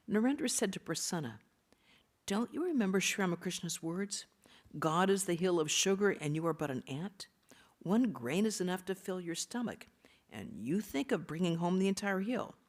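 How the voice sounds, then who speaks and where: Low-voiced woman reading scripture slowly. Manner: slow, measured reading that drops into soft half-whispers; pauses to explain terms in a plain aside. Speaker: reader of a spiritual text. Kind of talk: reading scripture aloud to a study group.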